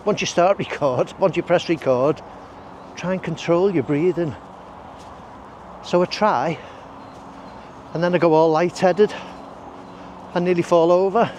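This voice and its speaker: A man's voice: on the high side, measured pace, long pauses, darkish tone. Chatty man, breathing heavily outdoors. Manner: chatty, rambling, self-deprecating asides. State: heavy breathing while walking. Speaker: walking vlogger. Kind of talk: casual walk-and-talk narration. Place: outdoors on roads and country paths. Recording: outdoor noise while walking.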